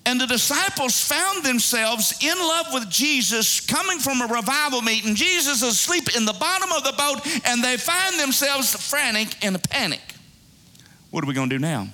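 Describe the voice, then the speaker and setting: Male preacher, high bright voice, conversational sermon delivery. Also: animated, normal speed, few pauses. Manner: conversational, calls out to the congregation. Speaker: pastor.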